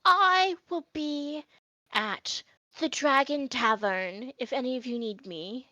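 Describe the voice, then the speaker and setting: A woman voicing an aloof male wizard who speaks in a dry, unhurried way. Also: high-pitched, pushed and bright, no echo, full character voice.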